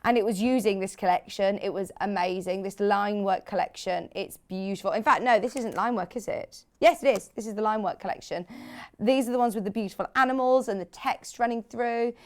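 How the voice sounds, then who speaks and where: Brief: woman TV shopping presenter, enthusiastic and chatty, banters with crew, mid pitch. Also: brisk, clear, resonant tone. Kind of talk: live TV sales presentation.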